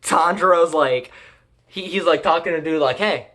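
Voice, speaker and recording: An anime reviewer recapping episodes in a rambling, profane way, full of fillers and deadpan jokes. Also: mid-range voice, normal speed.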